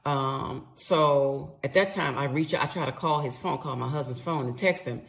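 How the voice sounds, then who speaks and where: A woman's voice: low-pitched, moderate pace, vocal fry. A middle-aged woman telling a personal story in a candid, conversational way, swearing freely as she replays her side of the argument.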